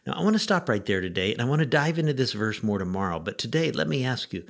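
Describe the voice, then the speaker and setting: A middle-aged man, a pastor, giving a short devotional message in a conversational, gently wry way with rhetorical questions. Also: medium pitch, very animated, fast, creaky.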